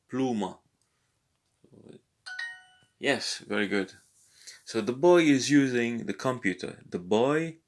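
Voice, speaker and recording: A man talking through a language exercise, thinking aloud in a hesitant way and slowly sounding out foreign words. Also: on the low side, creaky. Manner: hesitant, thinking aloud with many pauses and repeats. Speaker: language lesson vlogger working through exercises. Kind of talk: casual think-aloud tutorial.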